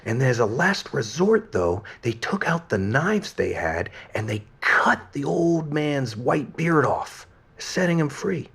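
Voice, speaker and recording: A man in a game role reading a fairy tale aloud as a gentle bedtime story. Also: medium pitch, very animated, takes it slowly, gravelly, slightly rough, heavily acted. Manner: gentle storytelling, softening at the end.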